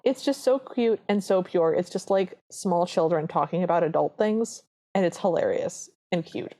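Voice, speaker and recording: A woman's voice: lowish voice, moderate pace. A woman co-hosting a podcast, gushing as she retells a film scene by scene in casual chat. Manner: gushing, animated storyteller. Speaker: podcast co-host.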